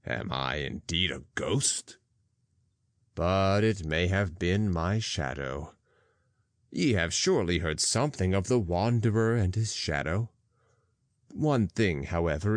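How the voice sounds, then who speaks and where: A man's voice: sits low, no echo. A man reading as a solemn prophet, declaiming in archaic English. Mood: musing. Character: solemn prophet speaking in parables.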